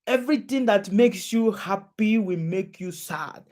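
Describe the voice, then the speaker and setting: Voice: medium pitch, unhurried, a little mellow. A preacher delivering a sermon, repeating phrases and asking the audience questions again and again.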